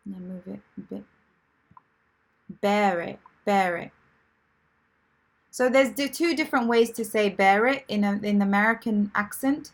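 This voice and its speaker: A woman teaching English vocabulary in a live online lesson, chatty and encouraging, with many fillers and restarts. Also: mid-range voice.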